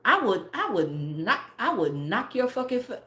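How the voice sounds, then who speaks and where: A woman's voice: medium pitch, very animated, normal speed, fairly bright tone. A woman in her forties, a mother, telling a family story in blunt, profane, filler-heavy casual talk. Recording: roomy echo.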